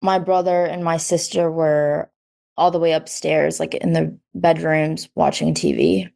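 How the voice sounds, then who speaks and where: Young woman, lower voice, heavy use of "like", animated quoting, interview guest. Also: unhurried, gravelly. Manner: says "like" constantly, quotes herself and others in lively bursts. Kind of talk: personal story in an interview.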